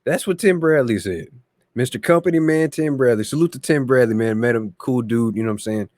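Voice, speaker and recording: A man hosting a boxing channel, giving slangy, animated casual commentary that often repeats itself. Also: medium pitch, brisk, no room sound.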